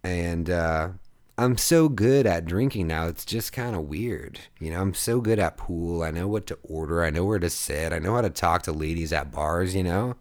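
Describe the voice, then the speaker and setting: A man's voice: low voice, normal speed. Rambling, laughing man in his thirties. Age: 30s. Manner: rambling, profane, laughs at his own stories. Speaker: podcast host. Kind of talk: casual storytelling monologue.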